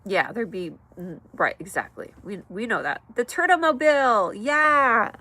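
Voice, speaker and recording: Streaming casually from her mother's house at night, a woman rambles along in an unhurried, mid-range voice. She reads the chat aloud, laughs often, and now and then breaks into excited shouts.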